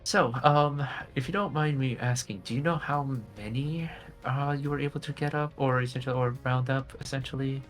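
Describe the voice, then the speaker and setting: A man's voice: medium pitch, steady tone, normal speed, fairly bright tone, faint music behind. A man playing a tabletop game, talking casually and hesitantly, with many fillers and restarts. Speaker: player. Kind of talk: casual tabletop role-play.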